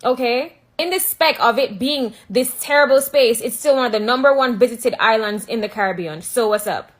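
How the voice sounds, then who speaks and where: A Jamaican woman rants straight to camera, her high voice sassy and emphatic. She mocks and scolds her critics without letting up. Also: moderate pace. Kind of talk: ranting to camera.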